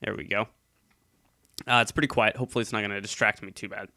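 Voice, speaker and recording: A man's voice: lowish voice, steady tone, quick pace, pushed and bright, no room sound, studio quality. A man chatting casually on his channel, rambling with lots of ums and restarts, a little congested. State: slightly congested. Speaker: YouTube commentator. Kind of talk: casual solo chat. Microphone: headphones, desk mic.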